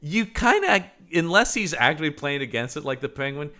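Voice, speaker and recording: A man's voice: on the high side, moderate pace. A man co-hosting a podcast, chatting casually about films and acting out lines from them. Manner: animated, acts out quoted lines from movies. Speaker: podcast co-host. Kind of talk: casual movie commentary chat.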